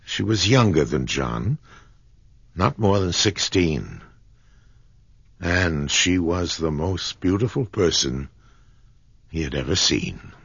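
A man narrating a story in a measured, expressive reading. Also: deep voice, vocal fry, breathy edge, no room sound, muffled recording.

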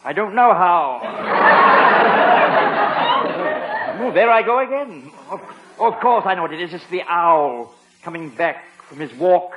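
A man's voice: high voice, lively intonation, moderate pace, lo-fi sound, a crowd in the background. A man with an English accent playing a wry butler who stammers when flustered and drops dry wisecracks.

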